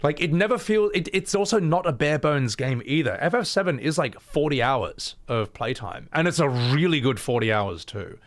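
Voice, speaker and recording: A man's voice: on the high side, lively intonation, normal speed, hardly any pauses. A man giving casual, playful reaction commentary on a livestream, often laughing and swearing. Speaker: streamer.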